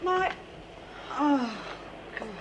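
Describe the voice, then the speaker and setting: An earnest, urgent inmate. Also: female voice, sits high, expressive, extremely slow, dull audio, heavy background noise, heavily acted. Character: anxious, earnest female inmate. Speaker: prison inmate.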